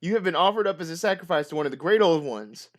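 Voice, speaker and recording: A man's voice: fairly high pitch, animated, fast talker. A man narrating a solo horror tabletop adventure and then chatting about it in an upbeat way, with many fillers.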